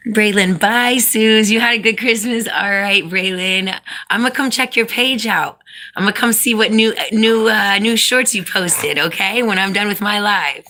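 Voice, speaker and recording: A woman's voice: mid-range voice, normal speed, pushed and bright. A woman hosting a casual live stream, chatting with viewers, reading out their comments and coaxing her dog to sit.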